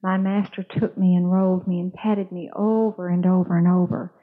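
A woman's voice: fairly low pitch, level tone, normal speed, natural voice. A suffering talking teacup, once lumps of clay, pleads through its story as a woman tells it. The voice comes over a tinny, phone-like line. It is a simple storybook figure inside a sermon. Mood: pleading.

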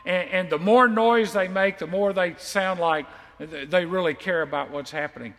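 High-voiced preacher in an echoey hall. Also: male voice, normal speed. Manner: emphatic, swells loud on key lines, then drops quiet and confiding. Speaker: pastor. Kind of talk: sermon, reading scripture with commentary.

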